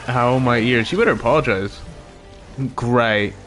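A young man streaming a game with viewers, chatting casually, cursing often and shouting when excited. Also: mid-range voice, unhurried, soft background music. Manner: profane, joking, bursts of excited shouting. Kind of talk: casual gaming livestream chat.

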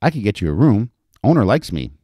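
A man's voice: lowish voice, big pitch swings, brisk, dark tone, breathy edge, no room sound, studio quality, voice pushed up. A man reading an audiobook, voicing a flirtatious, brassy frontier brothel madam in a raised, teasing voice.

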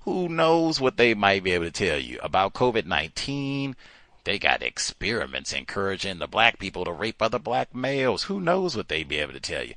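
Guy hosting a talk show, lower voice but swings all over, dry close sound, keeps repeating words to hammer a point. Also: a little fast, no echo. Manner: animated, emphatic, repeats words for stress. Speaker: host. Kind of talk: call-in radio talk monologue.

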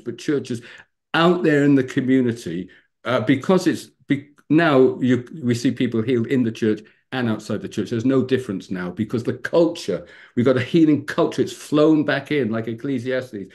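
A middle-aged man speaks on a video call at an ordinary pitch for a man. He is a pastor who tells his stories with energy, laughs along the way, and slips into the voices of the people he describes. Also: darkish tone. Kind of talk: storytelling talk on a video call.

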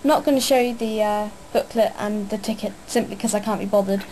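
A woman's voice: mid-range voice, a little fast, darkish tone, slight background noise, poor audio. A young woman chatting casually in a vlog, hyper and rambling, with lots of fillers. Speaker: vlogger.

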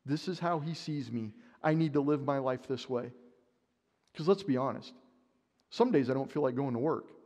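A man delivers a sermon in a church, and his slightly high voice carries a long reverb tail. He tells stories with animation, acting out his own worry as he goes. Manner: storytelling, animated, acts out his own panic. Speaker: preacher. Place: church sanctuary.

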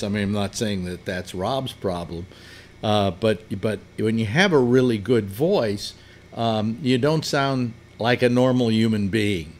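A man hosting a casual chat show, rambling and cutting himself off with lively swings in pitch. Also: measured pace, a little hiss or hum. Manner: rambling, self-interrupting, talks with animated pitch swings. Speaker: host.

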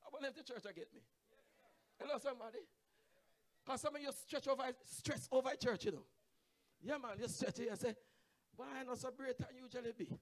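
A man with a Jamaican accent, preaching a Pentecostal sermon as guest evangelist. He calls out to the congregation and swings from quiet asides to shouted, sung climaxes. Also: very high-pitched, brisk, long pauses. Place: church sanctuary.

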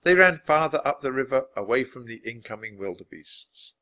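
A man reading a children's book aloud, expressive and dropping low for narration. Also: normal speed. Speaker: storybook reader.

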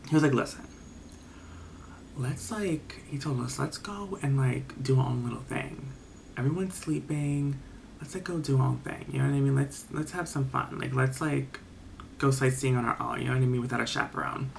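Young male storyteller, casual and rambling, heavy on "like", mid-pitched voice. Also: fairly even intonation, fairly quick, creaky, slight background noise. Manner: rambling, filler-heavy, lots of "like".

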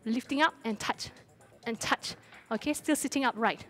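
A woman's voice: a little high, normal speed, fairly bright tone. A woman fitness instructor coaching a live workout, encouraging and cheering her class on while out of breath. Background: faint music.

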